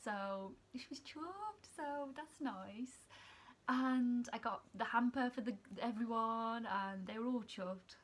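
A young woman, a student nurse chatting casually to her vlog camera, emotional and quick to laugh. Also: fairly high pitch. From England. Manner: emotional, chatty, laughs often, near tears.

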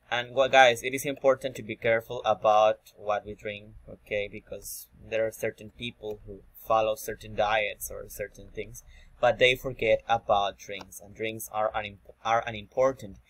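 Slow man, filler-heavy explainer. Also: medium pitch, fairly bright tone, no echo. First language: Spanish. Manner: frequent "okay" and fillers, repeats himself. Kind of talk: informal explanatory video talk.

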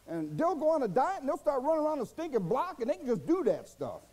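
A man preaching a sermon as pastor, in a folksy, colloquial way, dropping to low murmurs and then rising to loud, high bursts. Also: wildly swooping pitch, very fast, few pauses, slightly rough, poor audio.

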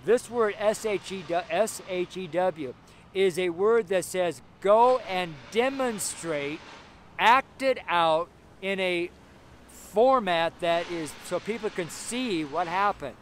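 A man's voice: high-pitched, slow pace, a little hiss or hum. Fervent man preaching on the street. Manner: fervent preaching, acts out the Bible scenes in voices. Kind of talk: street sermon.

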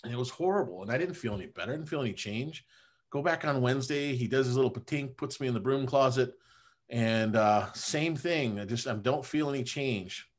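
Male chiropractor guest, mid-pitched, chatty storyteller, animated and informal. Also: a little fast. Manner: animated, conversational, drops "man" and "you know" often. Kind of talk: casual personal storytelling.

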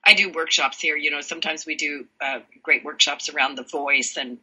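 A woman's voice: low voice, steady tone, normal speed, bright, forceful tone, breathy edge, rough recording. A woman talking as an interview guest, explaining her voice workshops in a reflective way with frequent fillers. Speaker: guest, voice and energy workshop leader. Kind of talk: casual interview chat.

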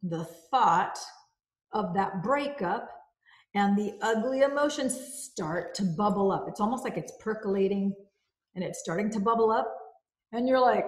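A woman's voice: mid-range voice, lively intonation, a little slow. A woman with a mid-range voice gives a self-help talk. She explains things with emphasis and stacks up long lists as she goes. The room around her voice is roomy and echoey.

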